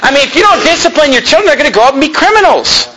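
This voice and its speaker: A middle-aged man preaching a sermon as pastor, emphatic, with quick asides to the congregation. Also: extremely high pitch, big pitch swings, bright, forceful tone, slight background noise, rough recording.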